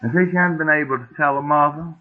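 Folksy preacher on tinny tape. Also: male voice, a little high, fast. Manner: folksy, homespun, asks the congregation questions. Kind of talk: sermon storytelling. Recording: tinny phone-like old tape.

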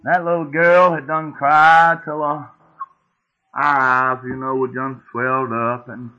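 A man's voice: medium pitch, little pitch movement, slow pace, pushed and bright. A middle-aged man, preaching a sermon as a folksy, homespun story, often asking the congregation questions. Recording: tinny phone-like old tape.

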